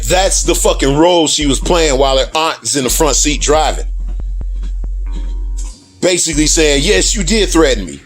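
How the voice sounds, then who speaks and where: A man's voice: on the high side, rough recording. A man telling a personal story in casual, profane storytelling, swearing freely and laughing between lines.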